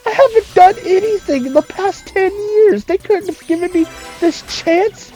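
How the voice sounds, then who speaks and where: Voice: very high voice, moderate pace, mellow, soft background music, voice pushed up. A gamer doing an impression of an earnest teenage male hedgehog hero from a video game, trading battle cries and mock-indignant complaints.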